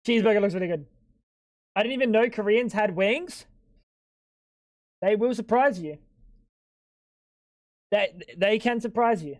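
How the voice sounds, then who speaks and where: A man's voice: high-pitched, a little slow, long pauses, no room sound. Joking streamer guy, dry close mic. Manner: banter with chat, crude and joking. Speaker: livestreamer. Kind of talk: casual live-stream chat.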